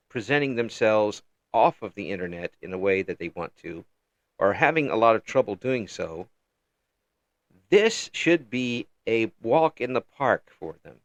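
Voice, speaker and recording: A man hosting an interview, speaking in a halting way and repeating words while he thinks. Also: mid-range voice, dry recording. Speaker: interview host. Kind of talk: casual interview chat. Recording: dull, lo-fi dry mic.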